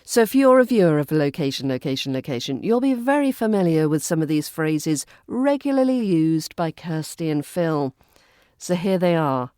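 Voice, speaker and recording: A woman with a British accent teaching pronunciation, drilling words and phrases slowly and carefully. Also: lowish voice, expressive, warm tone, dry recording, clean studio sound. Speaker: accent coach. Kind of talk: pronunciation lesson.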